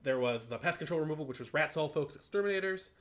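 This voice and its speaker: Fast-talking, opinionated male podcast co-host. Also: a little high. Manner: opinionated, animated, thinks aloud. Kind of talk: casual podcast chat.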